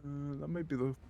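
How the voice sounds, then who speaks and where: A man's voice: fairly high pitch, gravelly, warm tone, highs cut off, a little hiss or hum. A man chatting in character during a roleplay game, rambling through stories with frequent laughter and swearing. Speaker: streamer playing a roleplay character. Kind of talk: casual in-character roleplay chat.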